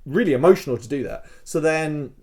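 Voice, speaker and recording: Animated man telling a story, heavy fillers. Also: a little high, brisk. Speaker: podcast co-host. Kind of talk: casual podcast chat, recounting a LARP.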